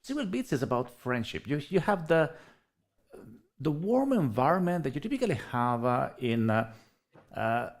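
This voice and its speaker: A man with an Italian accent chatting casually as co-host, often pausing on fillers. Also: mid-range voice. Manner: animated, hesitant with many fillers. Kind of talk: casual livestream chat.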